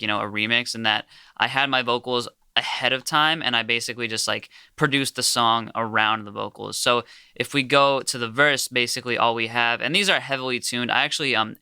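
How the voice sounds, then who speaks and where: Laid-back young guy, bright crisp voice. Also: medium pitch, no echo, clean studio sound. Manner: laid-back, lots of filler words. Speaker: music producer. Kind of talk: casual studio walkthrough.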